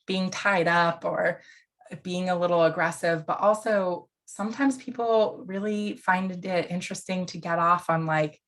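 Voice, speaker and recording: A woman's voice: lowish voice, unhurried, a bit bright. A woman counselor educator giving an online lecture in a casual, conversational way, with fillers and asides.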